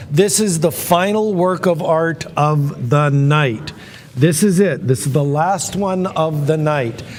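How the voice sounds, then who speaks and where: A man hosting a live art auction, presenting a painting in a chatty, enthusiastic storytelling way. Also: fairly high pitch. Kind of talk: presenting artwork on live stream. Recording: echoey hall with long reverb.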